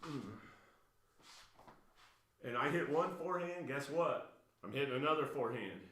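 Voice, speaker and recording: A man's voice: mid-range voice, expressive, normal speed, a bit bright, slight background noise. A man giving blunt, emphatic coaching commentary on table tennis videos, getting worked up as he corrects a player. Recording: roomy echo.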